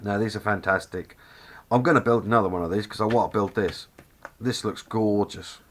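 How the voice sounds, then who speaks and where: A man's voice: fairly low pitch, quick pace, a bit bright, slight background noise. A man with a Norfolk accent casually walking through a model kit review, enthusiastic and rambling, often correcting himself mid-sentence. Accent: Norfolk English.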